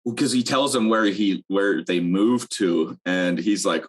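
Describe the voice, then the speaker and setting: A man's voice: sits low, a little slow, few pauses. A young man co-hosting a podcast in casual chat, blunt, swearing and laughing often. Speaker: podcast co-host.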